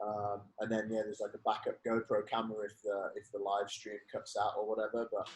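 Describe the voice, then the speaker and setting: A man's voice: on the low side, completely flat delivery, fairly quick, poor audio. Easygoing male guest, filler-heavy talk. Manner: loose, filler-heavy explaining. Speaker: podcast guest, athlete. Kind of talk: casual interview chat.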